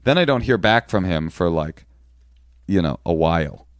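A man co-hosting a podcast, telling a long story in a rambling, halting way with deadpan jokes. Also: low-pitched, clean tone, dry recording, studio quality. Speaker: podcast co-host. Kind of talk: casual storytelling chat.

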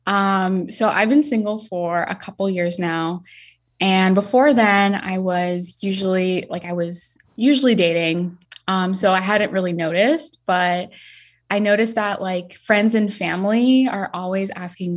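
A woman's voice: mid-range voice, measured pace. A young woman phoning in to a podcast with a personal question. She talks hesitantly and fills her sentences with fillers. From North Carolina. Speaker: caller. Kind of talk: phone-in advice question.

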